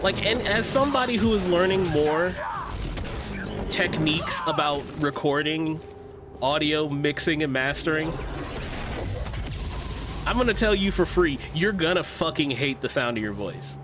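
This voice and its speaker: A man's voice: a little high, a little slow, pauses often, noisy background. Joking, swearing young streamer guy. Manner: joking, profane, laughs often. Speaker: game streamer. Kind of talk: casual livestream chat.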